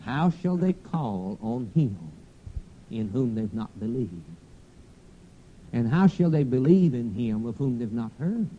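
A man preaching a sermon on the radio, impassioned, rising to cries and dropping to a hush. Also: medium pitch, expressive, unhurried, narrow, tinny audio, slight background noise.

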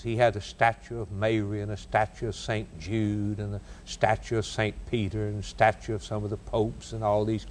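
A man preaching a sermon, telling stories dramatically and building cadenced lists, with big swings in pitch and pace.

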